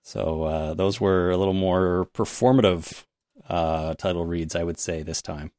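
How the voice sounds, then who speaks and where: A man from Canada, hosting a casual, joking podcast chat with filler pauses. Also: deep voice, steady tone, darkish tone, dry recording, studio quality. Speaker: podcast host.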